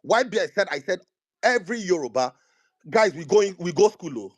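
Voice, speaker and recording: A Nigerian man with a somewhat high voice speaks over a phone mic in a live audio debate. He holds his ground defensively, restating his point again and again. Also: animated, brisk, darkish tone, slightly rough. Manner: defensive, insists he is right. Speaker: debate participant. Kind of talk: heated argument.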